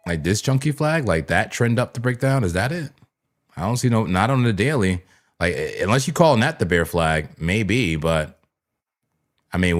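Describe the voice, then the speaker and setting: A man hosting a crypto trading livestream, chatting loosely with his viewers and rambling with plenty of "like" and "man.". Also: lowish voice. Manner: talks straight to chat viewers. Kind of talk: casual live trading commentary.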